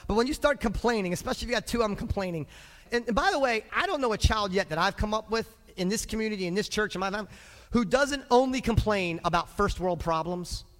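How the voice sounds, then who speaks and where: A man preaching a sermon as the church's pastor, moving between quiet asides to his congregation and loud, shouted exhortation. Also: high voice, quick pace, in a large hall. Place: church sanctuary.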